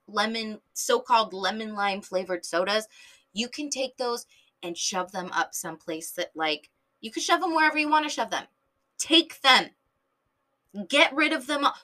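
Animated, swearing podcast woman from San Diego. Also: mid-range voice. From San Diego, Southern California. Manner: animated, filler-heavy, swears freely, jumps between tangents. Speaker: podcast host. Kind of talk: casual rambling monologue.

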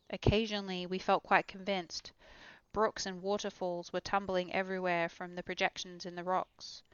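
A woman reads a classic adventure novel aloud in steady first-person storytelling. Her voice is smooth and even. The recording is dry and slightly muffled. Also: mid-range voice, no room sound. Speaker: audiobook reader.

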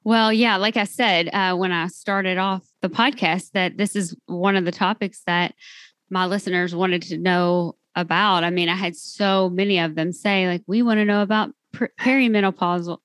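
A woman's voice: fairly low pitch, steady tone, normal speed, a bit bright, clear, resonant tone, dry recording. Chatty woman hosting a podcast, dry sound. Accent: Southern US. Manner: chatty, rambling, with fillers and laughs. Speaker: podcast host. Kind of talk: podcast interview.

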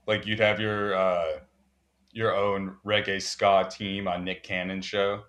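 A man's voice: deep voice, level tone, slow pace, a bit bright. A young man co-hosting a casual chat, laid-back, swearing freely and trailing off with "you know".

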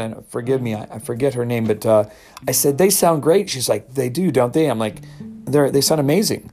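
A man's voice: mid-range voice, a little mellow. A middle-aged man hosting a show, telling a story casually and acting out quotes in raised voices. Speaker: podcast host.

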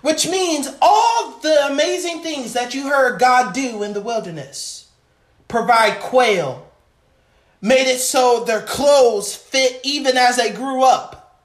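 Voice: sits high, takes it slowly, reverberant. A preacher delivering an impassioned sermon, calling out to the congregation.

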